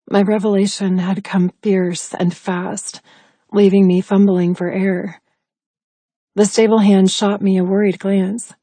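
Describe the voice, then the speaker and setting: A woman reads an audiobook aloud in the first person, close and intimate. Her voice is mellow and a little husky. The recording is dry with no room sound. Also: mid-range voice, no echo. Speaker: audiobook narrator.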